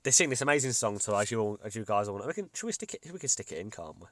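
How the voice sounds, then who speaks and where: A man with a low voice recaps a cartoon episode for his podcast, laughing as he goes and filling pauses with ums. The sound is dry and close, with no room echo. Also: very animated, fairly bright tone. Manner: retells scenes with laughs and many ums. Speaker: podcast co-host. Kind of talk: casual chat, recapping an episode.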